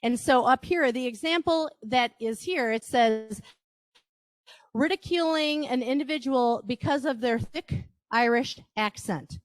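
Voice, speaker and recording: A woman's voice: sits high, a little slow, dry recording, clean studio sound. A woman with a Wisconsin accent giving a live workshop presentation, chatty, with asides and rhetorical questions to the audience.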